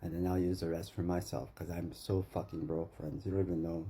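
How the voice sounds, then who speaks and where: A man's voice: deep voice, little pitch movement, brisk, dark tone, husky. A Canadian man delivering an agitated, profane rant to the camera, accusing someone and repeating his name.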